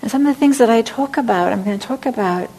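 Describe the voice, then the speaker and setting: A woman meditation teacher giving a dharma talk, speaking gently and reflectively, sometimes dropping to a soft near-whisper. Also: a little high, fast talker, poor audio.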